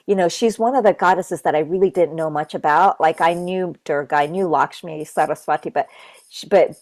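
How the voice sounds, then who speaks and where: Guest: earnest woman from Japan, low-pitched, chatty and filler-heavy, dry close sound. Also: a little fast, a little mellow, dry recording. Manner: earnest, loose, full of "like" and "you know". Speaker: interview guest. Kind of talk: casual spiritual conversation.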